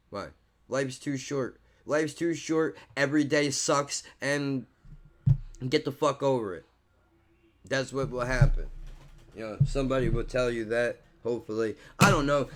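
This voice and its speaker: Man, ranting vlogger: profane, heated, bro-and-dude talk, pitched a bit high, jumps from mumbles to shouts. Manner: swings from muttering low to loud outbursts. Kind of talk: ranting monologue to camera.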